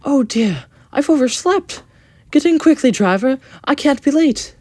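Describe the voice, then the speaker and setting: A storyteller voicing a kind, polite male steam engine who speaks calmly and gently, with a little rambling. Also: high-pitched, a little slow, no room sound, pitched above the performer's own voice. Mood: flustered. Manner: soft-spoken, warm, slightly rambling.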